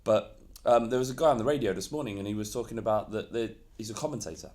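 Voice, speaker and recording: A man's voice: fairly low pitch, fast, darkish tone. A man co-hosting a football podcast, ranting heatedly in casual chat and swearing freely. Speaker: podcast co-host.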